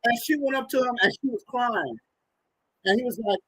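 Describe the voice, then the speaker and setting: Husky-voiced man in his thirties telling stories. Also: very high-pitched, a little fast, no room sound, poor audio. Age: 30s. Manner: animated, acts out quoted dialogue. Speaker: guest, organizational psychologist and author. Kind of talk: personal storytelling in a conversation.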